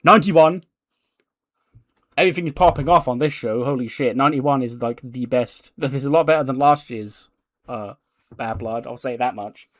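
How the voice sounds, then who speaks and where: A man casually narrating a wrestling simulation playthrough, excitable and chatty, with many fillers. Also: medium pitch, normal speed, no echo, clean studio sound. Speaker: game commentator.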